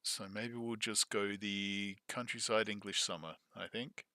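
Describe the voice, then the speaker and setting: A man talks casually through his audiobook editing, joking and greeting his chat. His voice sits low but sounds very bright and sharp, with a dry close sound. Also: fairly even intonation, a little slow, no room sound. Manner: chatty, joking, talking to chat while editing. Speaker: audiobook producer. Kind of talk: casual behind-the-scenes commentary.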